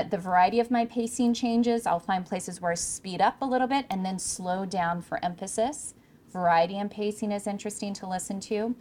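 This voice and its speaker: A woman's voice: medium pitch, a little mellow, a little hiss or hum. A woman from California, a communication coach, giving an emphatic workshop talk to a room of interns. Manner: emphatic, clear presenter with varied pacing. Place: room with a live audience.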